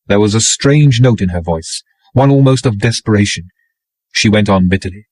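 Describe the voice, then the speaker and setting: Male audiobook narrator, measured, low pitch, dry close sound. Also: darkish tone, no room sound, low-quality recording. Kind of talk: scripted narration.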